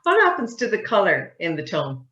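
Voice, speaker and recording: A woman, a communication coach giving a lively webinar lesson and quizzing her audience. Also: on the low side, a little fast. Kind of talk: webinar teaching. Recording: roomy, dull webinar audio.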